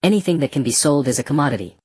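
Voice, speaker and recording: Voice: medium pitch, animated, rapid-fire, a little mellow, breathy edge, dry recording. A narrator voicing a cruel, mocking male slave trader in a black robe, speaking casually and scornfully. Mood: cold mockery. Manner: casual, scornful, matter-of-fact.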